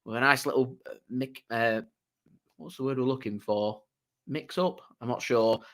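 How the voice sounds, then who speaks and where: A man runs a live fan watchalong, thanking viewers by name and chatting easily. His voice sits at a middle pitch. Now and then he shifts into steady play-by-play match commentary. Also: normal speed. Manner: chatty, reads out viewer messages, laughs easily. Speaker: fan channel host doing a live watchalong. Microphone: desk microphone.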